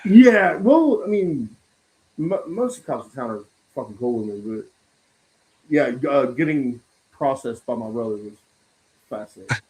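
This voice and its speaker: Here a man of medium pitch speaks at a moderate pace, and the audio is poor. Hosting a casual podcast chat stream, he curses frequently, laughs often and tells stories with animation.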